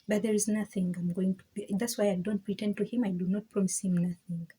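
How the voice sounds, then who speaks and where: Very husky, mellow woman sharing testimony. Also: mid-range voice, steady tone, a little fast, low-quality recording. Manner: emphatic and frank, with many repeats and restarts; laughs between points. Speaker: vlogger sharing her faith testimony. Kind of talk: candid personal testimony.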